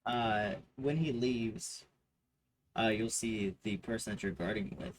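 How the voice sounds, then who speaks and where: A man narrating a tabletop game as game master, halting with many fillers. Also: on the low side, a little hiss or hum, low-quality recording.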